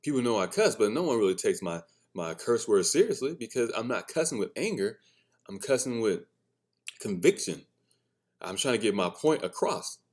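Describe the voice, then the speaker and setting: Guy talking solo on his podcast, kinda low voice, cusses a lot, laughs at himself, super candid dad talk. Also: very animated, normal speed, a little mellow, breathy edge. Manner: swears freely in conversation; laughs often at his own remarks. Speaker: podcast host; father of a son and a daughter. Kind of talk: casual solo podcast monologue.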